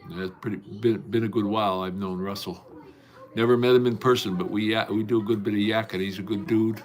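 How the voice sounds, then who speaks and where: Deep-voiced man rambling folksy on a livestream. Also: fairly even intonation, fairly quick, darkish tone. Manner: folksy, rambling, with many fillers and restarts. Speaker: livestream host. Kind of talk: casual livestream chat, greeting and answering viewers. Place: at home.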